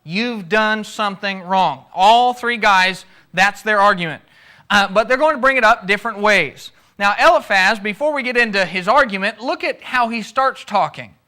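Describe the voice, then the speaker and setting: Guy teaching bible class, high bright voice, chatty, acts out the quotes. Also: moderate pace. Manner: conversational, takes audience questions.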